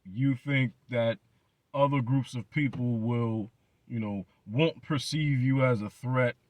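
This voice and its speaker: A man's voice: mid-range voice, slow, no echo. A man hosting his channel, delivering a blunt, profane commentary rant full of emphatic repetition. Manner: blunt, emphatic, heavy swearing, repeated words. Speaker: channel host.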